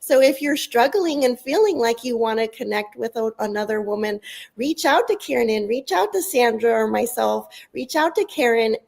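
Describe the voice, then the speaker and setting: A woman's voice: a little high, expressive, normal speed, gravelly, darkish tone. A woman on a virtual panel speaking in an upbeat, encouraging way. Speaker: summit speaker. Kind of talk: panel discussion. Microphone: video call.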